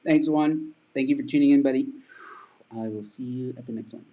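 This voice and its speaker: A man's voice: medium pitch, a little fast, warm tone, low-quality recording. A man who does stand-up comedy, hosting a casual livestream and rambling while he answers viewer comments.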